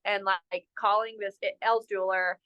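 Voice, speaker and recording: A young woman from North Carolina spins a story as an interview guest. She is lively and self-mocking, peppers every sentence with "like," and talks at an ordinary middle pitch. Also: moderate pace, clear, resonant tone, highs cut off. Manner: animated, self-mocking, heavy use of "like". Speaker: resort general manager, podcast guest.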